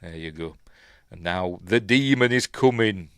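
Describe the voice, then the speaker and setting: Rambling Yorkshire man, low voice. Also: expressive, unhurried, a bit bright, clean tone, no echo, studio quality. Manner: rambling, chuckling, full of fillers. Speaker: host. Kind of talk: casual film commentary.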